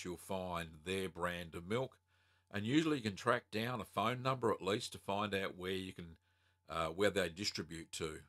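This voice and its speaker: Australian man, low voice, bright tone, casual live-stream host, chatty, lots of ums. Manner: relaxed and chatty, many ums and uhs, reads out chat comments. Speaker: host answering viewer questions. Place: home.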